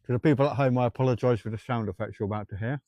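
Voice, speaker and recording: A man's voice: medium pitch, rapid-fire, warm tone, no echo. A man hosting a live ghost hunt outdoors at night, rambling, joking and greeting viewers by name, his throat sore and dry. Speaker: ghost-hunting livestream host. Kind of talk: live-stream chat to viewers. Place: outdoors at night by old railway tracks.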